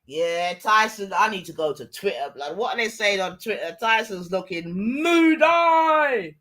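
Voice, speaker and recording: A young woman, giving excitable, slang-heavy live commentary on a fight and shouting often. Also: mid-range voice, a little slow. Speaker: watch-along streamer.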